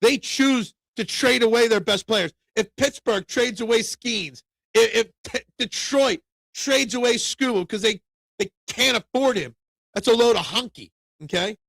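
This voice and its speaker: Male sports stream host, rough gravelly edge, pitched high for a man, opinionated and rambling. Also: a little slow, a bit bright, no echo. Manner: opinionated, rambling, answers viewer comments. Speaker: sports talk show host. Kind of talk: casual live-stream sports talk, reading chat.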